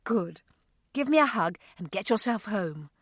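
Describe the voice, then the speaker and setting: A woman voicing a warm, caring mother who speaks earnestly. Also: mid-range voice, lively intonation, measured pace, no room sound, studio quality.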